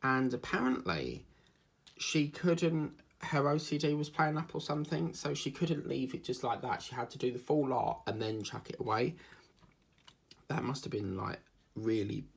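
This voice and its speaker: A man's voice: medium pitch, moderate pace, gravelly, husky. A man chatting casually while he works on a diamond painting, rambling from story to story and slipping into mimicked accents. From England. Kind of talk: casual chat while crafting.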